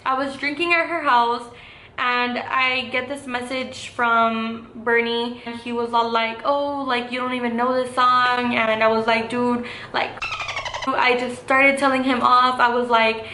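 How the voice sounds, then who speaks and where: A young woman chats through a casual story-time vlog with a bright, slightly high voice. She talks loosely, leaning on "like" and "um" as she goes. The room is echoey, with a faint hiss under the voice. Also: fairly even intonation, measured pace. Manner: chatty, full of "like" and "um" fillers. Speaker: vlogger.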